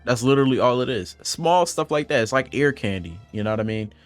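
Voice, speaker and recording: A man's voice: medium pitch, animated, quick pace. A man, a music producer, giving a casual tutorial in a loose, laid-back way with lots of fillers and asides. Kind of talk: casual screen-recorded tutorial.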